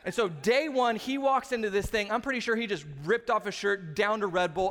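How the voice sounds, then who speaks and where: A male pastor in his thirties delivering a sermon with a fairly high voice. He tells stories with animation and acts out the quotes. The sound carries the long reverb of a large church hall. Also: brisk, few pauses, a bit bright.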